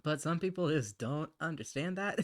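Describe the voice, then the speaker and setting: A man's voice: fairly high pitch, expressive, moderate pace, no room sound. A man chatting casually on a live stream while he draws. He rambles, mutters to himself, and laughs often.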